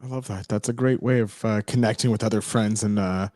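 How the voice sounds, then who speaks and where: A man's voice: on the low side, fairly even intonation, brisk, mellow, no echo, studio quality. A man hosting a podcast who interviews a guest in an upbeat, encouraging way over a video call. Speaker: podcast host.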